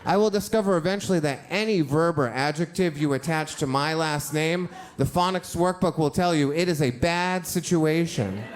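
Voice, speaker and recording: A middle-aged man telling a first-person story live on stage, animated and getting loud and high at the punch lines, with audience laughter. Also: normal speed, hardly any pauses.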